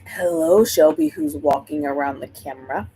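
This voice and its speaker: A woman's voice: low voice, normal speed, mellow, a little hiss or hum, poor audio. A woman hosting a book livestream, chatting casually and rambling while she greets viewers by name.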